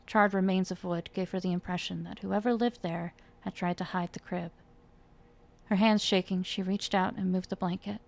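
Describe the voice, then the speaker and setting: This dramatic fiction reading features a woman with a fairly low, gravelly voice reading her own fantasy novel chapter at normal speed and in a steady tone. For the dialogue she lifts her voice, reading the characters' lines with mounting emotion.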